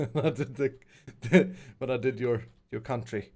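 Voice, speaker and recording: A man's voice: mid-range voice, measured pace, darkish tone. A man joking and teasing in a casual chat while playing a game. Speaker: Minecraft YouTuber.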